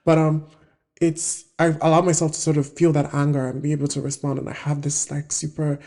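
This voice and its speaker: A woman in her twenties hosting a self-help video, talking through her thoughts in a casual, reflective monologue and often pausing to search for words. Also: sits low, flat delivery, warm tone. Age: 20s.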